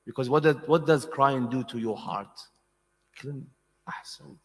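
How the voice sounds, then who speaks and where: A man preaching a Muharram sermon, speaking with passion and asking his listeners questions directly. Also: unhurried. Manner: impassioned, rising into high emotional cries when telling tragic stories; asks the audience questions directly. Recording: long hall reverb.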